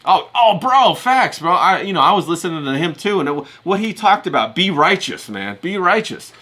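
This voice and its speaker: A man's voice: sits high, sing-song, bright, forceful tone. A man hosting a casual chat, eagerly agreeing and cheering his guest on. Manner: eager agreeing, quick affirmations. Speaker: podcast host.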